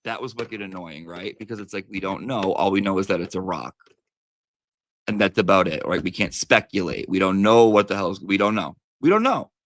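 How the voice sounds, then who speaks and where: A man hosting a casual livestream chat, talking in a chatty, profane way with big swings in pitch. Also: expressive, brisk, no room sound. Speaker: livestream host.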